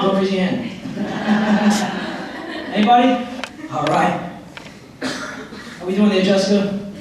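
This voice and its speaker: High-voiced man speaking in an echoey hall. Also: slight background noise. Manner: lively storyteller who acts out characters. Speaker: motivational speaker. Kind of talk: live presentation with storytelling. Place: public library meeting room before an audience. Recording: very echoey hall recorded from far off.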